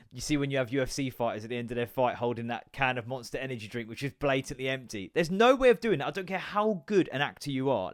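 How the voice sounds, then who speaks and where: A man in his thirties riffs through his solo podcast like a stand-up comic, casual and sweary, wandering into asides. His voice sits at a middling pitch. The sound is dry and close. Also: no room sound. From United Kingdom. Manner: jokey, swearing, rambling asides; comedic, stand-up performer. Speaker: podcast host. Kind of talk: casual chat.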